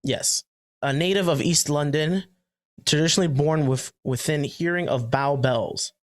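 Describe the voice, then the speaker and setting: A man hosting a podcast in casual chat, loud, joking and full of slang. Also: fairly high pitch, moderate pace. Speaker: podcast host.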